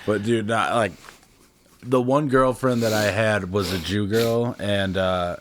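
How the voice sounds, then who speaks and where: A man's voice: on the low side, steady tone, unhurried, slight background noise. A man co-hosting a podcast in casual chat, telling crude stories with lots of laughter. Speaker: podcast co-host.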